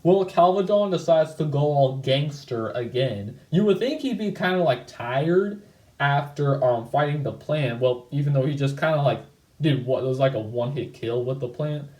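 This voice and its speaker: Fairly high-pitched, mellow and animated, a man speaks at a moderate pace while discussing his old comic on his video channel. The casual commentary rambles with many fillers, "like"s, restarts and self-corrections, and the low-quality recording sounds roomy.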